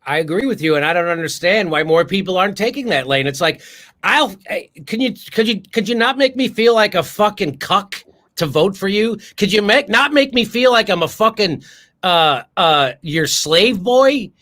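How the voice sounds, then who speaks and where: A man's voice: high voice, animated, normal speed, a bit bright. An older man hosting a political show, ranting with profanity and a string of rhetorical questions over a video call. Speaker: comedian political show host. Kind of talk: heated political talk.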